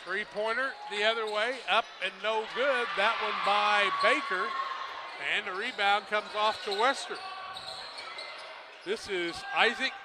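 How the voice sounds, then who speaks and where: A man doing play-by-play commentary of a high school basketball game, brisk and loud on made shots. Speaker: play-by-play announcer. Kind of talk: local radio sports commentary. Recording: noisy gym broadcast. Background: gym ambience, basketball bouncing.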